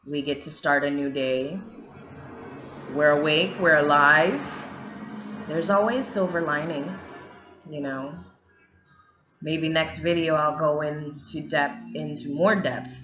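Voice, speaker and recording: A woman's voice: sits low, fairly even intonation, slow pace, long pauses. A woman vlogging candidly about single parenthood, blunt, swearing freely and speaking with emphasis. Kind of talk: candid casual monologue. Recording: echoey room, dull lo-fi sound, faint music.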